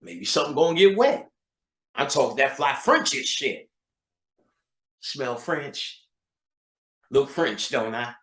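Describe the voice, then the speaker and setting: A man's voice: mid-range voice, lively intonation, takes it slowly, long pauses, fairly bright tone. Emphatic, profane male lecturer. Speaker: occult lecturer. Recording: echoey room.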